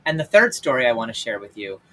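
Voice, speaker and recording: A man hosting his own show, telling personal stories in a casual, candid way with lots of fillers, swinging between loud and hushed. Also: mid-range voice, big pitch swings, fast, rough recording. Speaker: podcast host and life coach. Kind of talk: personal storytelling monologue.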